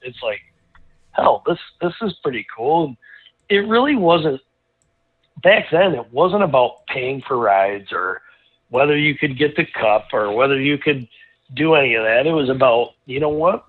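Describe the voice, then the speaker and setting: A man's voice: mid-range voice, moderate pace. A man guest in a casual interview, telling a long story with lots of restarts and asides. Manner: rambling, animated storyteller with many restarts. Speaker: racing driver guest. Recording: tinny phone-like line.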